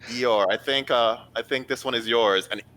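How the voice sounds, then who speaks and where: A man's voice: mid-range voice, fairly even intonation, normal speed, bright, forceful tone, poor audio. A man narrating a tabletop game as game master in a loose, casual way full of fillers.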